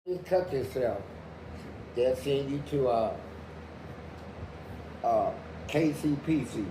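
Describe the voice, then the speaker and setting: A man guesting on a podcast, telling profane prison stories in an animated way and jumping into loud acted-out quotes. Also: mid-range voice, takes it slowly. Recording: echoey room with background noise.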